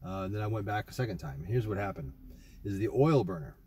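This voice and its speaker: A man's voice: on the low side, lively intonation, quick pace, darkish tone, slight background noise. A young man casually rambling through a trip report, swearing often and full of fillers and restarts. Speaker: vlogger.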